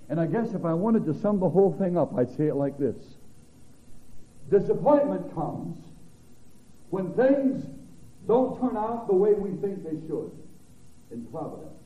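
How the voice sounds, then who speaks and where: A man preaching a sermon as a pastor, swinging from loud to hushed. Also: high-pitched, sing-song, a little slow, pauses often. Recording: tinny phone-like recording.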